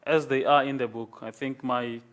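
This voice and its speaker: A man lecturing a class, explaining slowly and patiently and checking in with "okay?". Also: mid-range voice, fairly even intonation, a bit bright.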